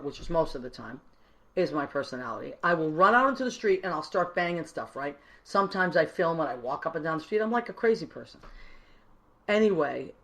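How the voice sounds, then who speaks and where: A woman musician hosting a live online show, chatting warmly and effusively and greeting viewers by name. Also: lowish voice. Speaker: online radio show host. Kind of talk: casual live-stream chat.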